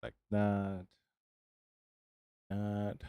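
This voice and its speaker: A man's voice: lowish voice, completely flat delivery, very slow, clean tone, dry recording, dull audio. An American man live-streaming a building game, chatting casually with viewers and rambling between tasks as he answers them by name. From United States.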